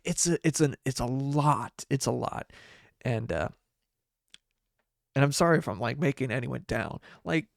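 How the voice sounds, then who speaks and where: A young man hosting a podcast, telling a personal story in a halting way, with many restarts and laughs through the sad parts. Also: mid-range voice, gravelly, no echo, studio quality. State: tearful. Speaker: podcast host. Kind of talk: casual storytelling monologue.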